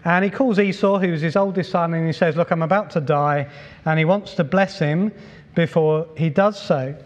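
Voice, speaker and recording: Pastor preaching, hall reverb. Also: male voice, high voice, normal speed. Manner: relaxed and conversational, with frequent uh fillers and repeats. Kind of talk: sermon. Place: church hall. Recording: long reverb from a large hall.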